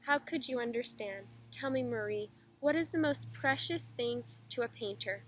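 A woman reading aloud, voicing an irritable, nearly blind old male painter with a gruff, curt manner. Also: extremely high pitch, normal speed, soft background music, low-quality recording. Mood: gentle. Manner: gruff, curt, then softening.

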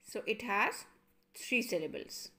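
Slow woman teacher drilling syllables. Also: mid-range voice, expressive, sharp tone. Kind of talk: classroom lesson.

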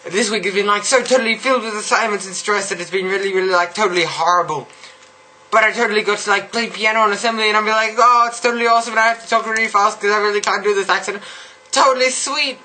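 A bubbly, ditzy valley girl, as a young man puts her on, gushes in a high, piercingly bright voice with airy stretched vowels. The put-on California accent bounces along. It is a comic vlog impression. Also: fairly even intonation, fast talker, a little hiss or hum, rough recording. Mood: gushing.

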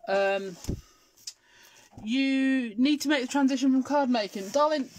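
A middle-aged craft show host from Scotland with an English accent chats with viewers during a live demonstration, answering comments while working. Her voice is high-pitched yet darkish in tone, at a measured pace. A little hiss or hum is present.

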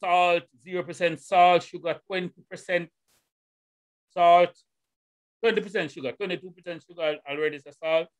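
A middle-aged man with a Jamaican accent, hosting a solo podcast and talking straight to his listeners with loud, animated rhetorical questions. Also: sits high, normal speed, no echo. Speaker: podcast host. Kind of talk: casual solo podcast monologue. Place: home room in Holland. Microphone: headphones and desk mic.

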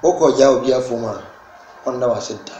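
A man speaking as an interview guest at an ordinary pitch. He pushes his points hard, his voice climbing and getting louder. The room is echoey, with a faint noise underneath. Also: moderate pace, muffled recording. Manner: emphatic, rising and loud when making points. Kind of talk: casual interview in Twi.

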